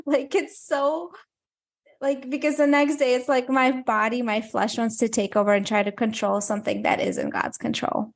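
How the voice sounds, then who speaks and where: A woman hosting a faith podcast, talking earnestly in a casual conversational way with many quick "like" asides. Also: on the high side, little pitch movement. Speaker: podcast host.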